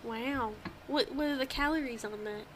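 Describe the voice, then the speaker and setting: A young woman from New England co-hosting a podcast in casual chat, animated and often laughing. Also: high-pitched, moderate pace, slight background noise. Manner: animated, laughs often, acts out quoted voices. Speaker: podcast co-host.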